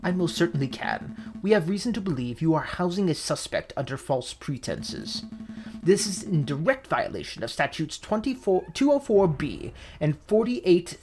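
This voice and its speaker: A stern, cunning male falcon lawyer, voiced by a woman, firm and commanding. The voice drops low and moves in wide sweeps, with faint music behind. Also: big pitch swings, moderate pace, darkish tone. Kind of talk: voicing a game character while reading.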